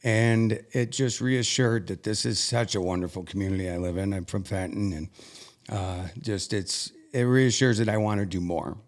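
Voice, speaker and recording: A young man earnestly recounting a personal story as an interview guest, halting and emotional at times. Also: lowish voice.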